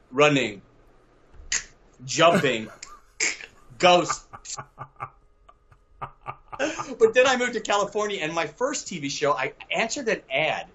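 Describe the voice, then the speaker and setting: An older man from Mississippi, a guest telling lively stories over a video call and laughing often. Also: a little high, dull audio. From Southern US, Mississippi. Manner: animated storyteller, laughs often.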